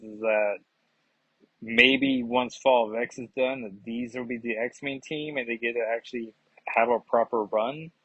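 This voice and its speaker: A man's voice: medium pitch, fairly bright tone, slightly rough, dry recording. Man, comic reviewer, casual rambling, fillers, dry muffled recording. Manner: rambling, digressive, with many fillers.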